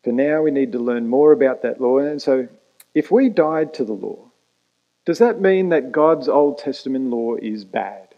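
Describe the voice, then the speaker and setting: A man preaching a sermon as pastor, emphatic and pausing for effect. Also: medium pitch, animated, dull audio. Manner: emphatic preaching with dramatic pauses and quick asides.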